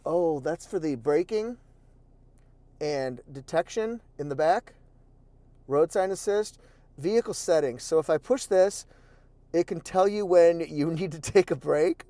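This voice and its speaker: Man, high-ish voice, playful and excitable car reviewer talking from inside a truck cab. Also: unhurried, no room sound. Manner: excitable, playful, exclaims and repeats phrases. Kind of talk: casual product walkaround. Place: inside a pickup truck cabin.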